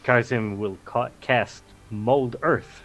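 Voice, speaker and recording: A man's voice: mid-range voice, slow pace, a bit bright, faint music behind, poor audio. A man playing in a tabletop game, explaining his move in a casual, stammering way. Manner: stammering, restarts a lot. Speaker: player.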